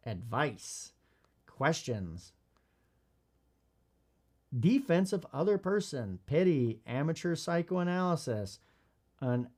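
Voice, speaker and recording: Reading aloud from a parenting book, a male podcast host adds blunt, casual commentary with occasional swearing, and does children's parts in high voices. His animated pitch ranges widely, rising high when he's worked up and falling low when he goes quiet.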